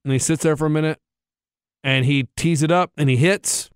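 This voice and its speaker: A man's voice: on the high side, fairly even intonation, fairly quick, smooth, no echo, clean studio sound. A man, podcast co-host, telling a story in a worked-up, ranting, profane way. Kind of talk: casual chat, storytelling.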